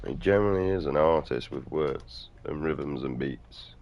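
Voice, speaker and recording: Very deep gravelly-voiced man. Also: normal speed, darkish tone, highs cut off, a little hiss or hum. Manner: crude, outspoken, mumbling asides. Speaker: vlogger. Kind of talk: rambling casual monologue.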